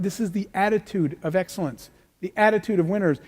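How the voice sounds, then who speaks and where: A man's voice: sits high, quick pace. A middle-aged man giving a motivational speech, telling a story and acting out the dialogue. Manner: storytelling, animated, acts out dialogue. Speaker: keynote speaker. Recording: hall reverb.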